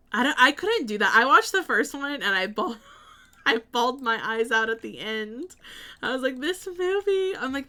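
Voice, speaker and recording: A woman's voice: mid-range voice, sharp tone. A woman streamer chatting casually while building in a game, thinking aloud and answering her chat.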